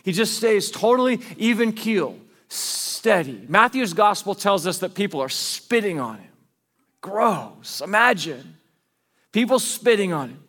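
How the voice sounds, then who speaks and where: A man's voice: high voice, big pitch swings, unhurried, fairly bright tone, long reverb tail. A man preaching a sermon as pastor, telling a scripture story in casual, conversational everyday speech.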